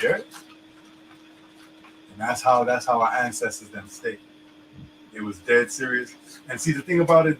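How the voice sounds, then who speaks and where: A man's voice: mid-range voice, a bit bright, slight background noise, low-quality recording. A man talking in a loose, emphatic way, full of slang and restarts, as co-host of a casual discussion.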